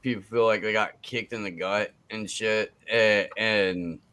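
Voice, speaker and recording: A man in rambling, halting casual chat on a desktop computer mic. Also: on the low side, steady tone, bright, forceful tone, clean tone. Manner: rambling, halting, lots of fillers.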